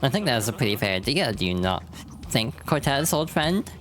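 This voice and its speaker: A woman's voice: extremely low pitch, big pitch swings, brisk, a little hiss or hum. Woman doing a showy, vain dandy sailor. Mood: wheedling. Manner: raised, showy, wheedling delivery. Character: flamboyant smooth-talking young male sailor, vain. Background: game music.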